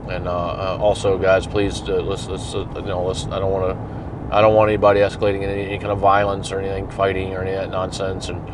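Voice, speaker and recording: A man playing a calm, reasonable police officer who speaks softly and patiently. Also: low-pitched, far from the mic, background noise, pitched below the performer's own voice, lightly acted. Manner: soft-spoken, patient, gently persuasive.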